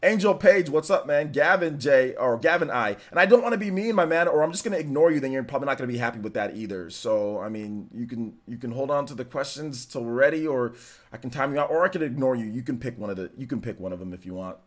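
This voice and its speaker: A man's voice: mid-range voice, animated, fast. A man hosting a casual live stream, greeting viewers by name and teasing the chat in slangy, laid-back talk. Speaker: livestream host.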